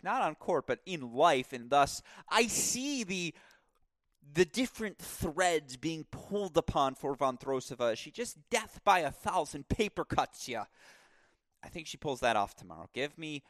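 A man hosting a tennis podcast, giving a rambling, animated solo preview with asides and self-corrections. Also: medium pitch, no room sound.

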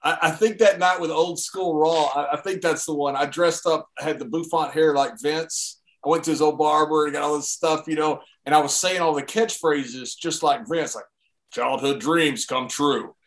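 A man's voice: a little high, moderate pace, few pauses. A man in casual conversation who laughs easily while telling anecdotes. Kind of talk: casual chat.

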